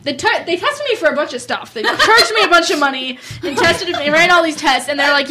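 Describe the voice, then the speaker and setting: A young woman co-hosting a casual teen podcast, telling stories in a chatty, animated way. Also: high voice, fairly quick, slight background noise, poor audio. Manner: chatty, animated storytelling with mimicked quotes. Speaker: co-host. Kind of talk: casual chat.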